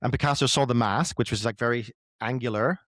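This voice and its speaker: A man's voice: mid-range voice, a little fast, fairly bright tone, no room sound. A man, a writer, talking as a guest in a casual conversation, explaining ideas loosely with lots of fillers.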